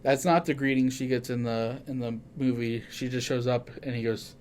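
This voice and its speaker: An excitable man hosting a casual podcast. He swears freely and keeps stopping to correct himself. His voice sits at an ordinary mid pitch. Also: moderate pace, a little hiss or hum. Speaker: podcast host.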